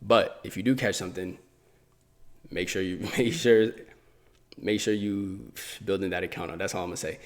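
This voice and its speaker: A man with a fairly low voice talks through trading charts in a relaxed, conversational way. He thinks aloud, circles back and repeats phrases as he points things out. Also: normal speed. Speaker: forex trading YouTuber. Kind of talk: casual chart walkthrough.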